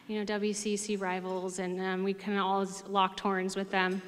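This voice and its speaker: Animated woman telling stories in a hall. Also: medium pitch, normal speed. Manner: animated storyteller, many fillers. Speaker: hall of fame inductee, former player. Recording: reverberant hall.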